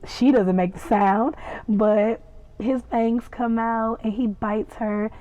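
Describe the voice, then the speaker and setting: Woman podcast host, chatty gushing recapper, slow delivery, dry close sound. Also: fairly high pitch, steady tone, dark tone, dry recording. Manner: gushing, chatty, playful asides. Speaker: podcast host reviewing a TV episode. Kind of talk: casual recap and reaction. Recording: tinny phone-like sound, dry.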